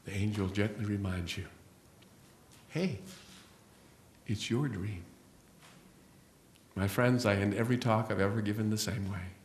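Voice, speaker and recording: A middle-aged man giving an inspirational spiritual talk as guest speaker in a church hall, telling stories with slow, emphatic rises and drops. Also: fairly low pitch, fairly even intonation, slight background noise. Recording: roomy hall echo.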